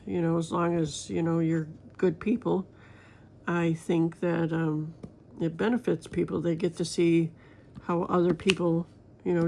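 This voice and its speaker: A woman in a relaxed crafting vlog, rambling through everyday stories and asking her viewers questions. Her voice is gravelly and stays fairly flat in pitch. A faint hum of noise sits under the talk. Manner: rambling, chatty, talks straight to viewers. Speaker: crafting vlogger. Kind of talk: casual chat while diamond painting.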